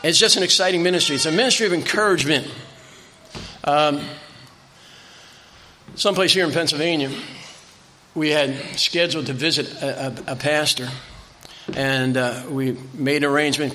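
An older male preacher tells folksy stories from the pulpit, circling back and repeating phrases for emphasis. His voice is bright and forceful, sitting a little high for a man. He speaks to a church congregation. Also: a little fast, slight background noise. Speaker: visiting preacher. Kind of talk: sermon.

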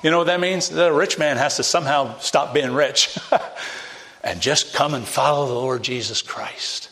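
A man's voice: mid-range voice, normal speed, vocal fry, a bit bright. A man preaching an evangelistic sermon, pressing listeners with direct questions and rising to emphatic peaks.

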